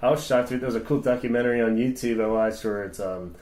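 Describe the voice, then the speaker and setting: A man's voice: mid-range voice, fast, darkish tone. A man in his forties co-hosting a podcast, talking loosely and enthusiastically, swearing casually. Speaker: podcast co-host. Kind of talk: casual chat.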